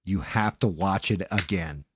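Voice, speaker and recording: A man's voice: sits low, measured pace, slight background noise. A man hosting a late-night livestream, chatting loosely with frequent swearing and thanking viewers by name. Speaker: livestream host.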